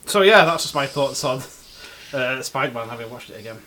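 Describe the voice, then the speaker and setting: A man's voice: mid-range voice, animated, fairly quick, a crowd in the background. A man co-hosting a casual podcast, swearing a lot and slipping into silly voices as he chats. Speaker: podcast co-host. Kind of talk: casual chat.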